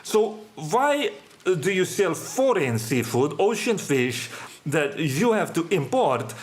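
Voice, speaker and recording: A man voicing a no-nonsense middle-aged woman shopper who asks slow, pointed questions. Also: on the high side, big pitch swings. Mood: indignant.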